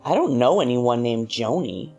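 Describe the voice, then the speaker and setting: A woman reading a wife's lines, a withdrawn middle-aged woman who keeps her voice quiet and without emotion. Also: rumbling low, animated, normal speed, slightly rough, voice pushed down, heavily acted. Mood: guarded. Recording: faint music underneath.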